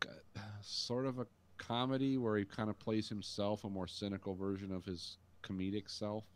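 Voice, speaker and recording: A man's voice: lowish voice, flat delivery, normal speed, a little hiss or hum. A man co-hosting a podcast, chatting casually about a film and rambling while he searches for names. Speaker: podcast co-host. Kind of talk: casual movie review chat.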